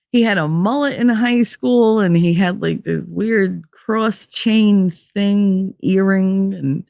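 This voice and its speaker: With a mid-range voice and noticeable vocal fry, a woman hosting a podcast rambles through a long personal story full of "like." It's a casual monologue recorded at studio quality with no echo.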